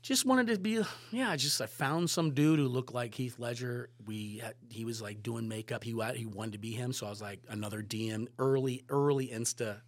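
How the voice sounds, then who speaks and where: A man, a photographer and director, telling stories in a casual podcast chat, animated and swearing freely. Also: medium pitch, moderate pace, few pauses, dry recording.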